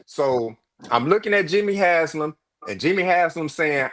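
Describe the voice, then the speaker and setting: A man co-hosting a casual sports talk show, giving his views in a deliberate, emphatic way and reading out viewer comments. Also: on the high side, lively intonation, a bit bright.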